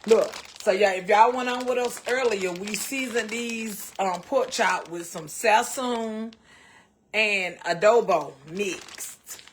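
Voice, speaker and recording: A woman's voice: medium pitch, slow pace, slight background noise. A Southern American woman hosting a casual cooking livestream, chatting folksily with her viewers and calling them baby and child.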